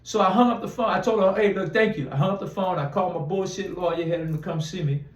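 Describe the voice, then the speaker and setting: Guy with a high voice rambling through his story, acts out the back and forth, echoey room, mic kinda far. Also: fast. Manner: rambling, restarts, acts out quoted dialogue. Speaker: interview guest. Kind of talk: storytelling in a casual interview.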